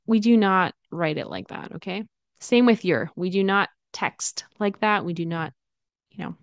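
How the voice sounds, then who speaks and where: A woman teaching English pronunciation in an online lesson, speaking slowly and saying each example phrase over and over. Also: mid-range voice, no echo. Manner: slow, demonstrative, repeats example phrases.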